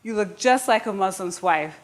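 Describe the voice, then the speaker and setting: A woman's voice: medium pitch, animated, normal speed, close to an everyday voice. A woman voicing a dignified older West African matron who speaks in short, firm, approving pronouncements.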